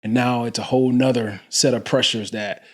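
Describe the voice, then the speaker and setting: A man's voice: mid-range voice, fairly even intonation, a little fast. A man hosting a podcast, asking long, rambling questions full of restarts. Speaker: podcast host. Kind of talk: casual podcast interview.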